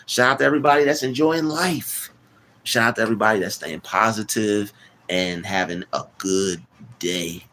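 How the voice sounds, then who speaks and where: A man hosting a casual live stream, rambling, repeating words and giving shout-outs to chat. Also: lowish voice.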